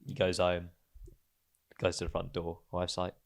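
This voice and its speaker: A man co-hosting a casual chat podcast, telling a story with lots of laughter and sudden quiet mutters. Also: a little slow. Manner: animated storyteller, laughs often, drops to low mutters. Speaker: podcast co-host.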